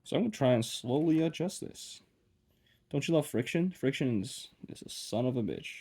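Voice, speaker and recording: A man's voice: medium pitch, lively intonation, moderate pace, darkish tone, slightly rough. Young guy vlogging while he tinkers, kinda mumbly and self-deprecating, voice bounces up and down a lot. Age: young adult. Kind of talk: casual rambling vlog while working.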